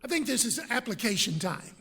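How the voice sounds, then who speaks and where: A male preacher, giving a measured, explanatory Bible sermon in a church. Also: very high voice, very animated, vocal fry, pushed and bright, slightly rough. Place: church sanctuary. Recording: long church reverb.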